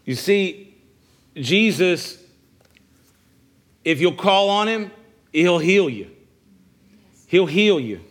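Male pastor, fairly high voice, preaching to a congregation; repeats phrases, stammers a little on restarts. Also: animated, drawn-out words, pauses often, a bit bright. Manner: preaching with call-and-response questions. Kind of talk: sermon. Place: church service.

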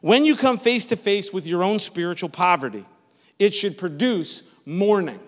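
A male pastor preaches with a high voice, his words ringing out across a reverberant church sanctuary. His delivery is conversational, and he keeps checking in with the congregation with "Amen?" and doubles back on his phrases. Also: animated, normal speed. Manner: repeats and restarts phrases. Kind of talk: sermon.

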